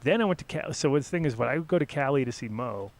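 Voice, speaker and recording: A man's voice: mid-range voice, rapid-fire. A middle-aged man hosting a podcast, telling stories casually and swearing freely. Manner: animated, swears freely, lots of fillers. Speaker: podcast host. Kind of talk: casual storytelling.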